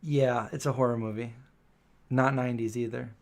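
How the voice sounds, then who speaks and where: Streamer host, male, mid-range pitch: casual, rambling, hesitant live-chat delivery. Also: level tone, normal speed. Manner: chatty, rambling, lots of um and self-correction.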